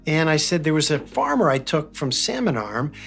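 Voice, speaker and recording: An American man hosting a faith-based talk, earnest and reflective, telling a personal story and slowing down to stress key phrases. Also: fairly high pitch, very animated, vocal fry, fairly bright tone, soft background music. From United States. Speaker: podcast host.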